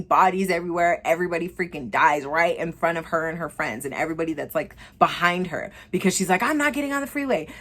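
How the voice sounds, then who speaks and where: A young woman vlogger with a low voice recommends movies in a loose, casual way. She gets excited, swears freely and keeps saying "like".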